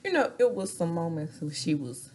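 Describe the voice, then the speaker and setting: A woman's voice: on the low side, sing-song, normal speed, darkish tone. A woman in her forties chatting casually through a reality-TV recap, gossipy, laughing often and dropping into whispers. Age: 40s. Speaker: recap vlogger.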